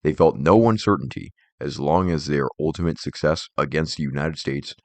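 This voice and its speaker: A man reading a nonfiction book aloud in a measured, formal narration, speaking the quotation marks as he goes. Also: a bass voice, a little mellow, dry recording. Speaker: audiobook reader.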